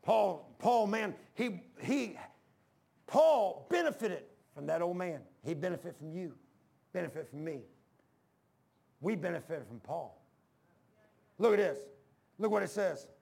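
A man's voice: sits high, expressive, unhurried, vocal fry, pauses often, a little mellow. A male pastor preaching a sermon in a church, telling folksy stories and acting out the dialogue. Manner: folksy storytelling, acts out dialogue.

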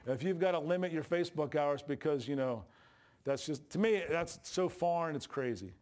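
Male pastor, slightly high voice, folksy and joking, sermon from the pulpit. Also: expressive, normal speed, a little mellow. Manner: folksy, joking preacher with Southern-style colloquial grammar. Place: church sanctuary. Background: congregation responses.

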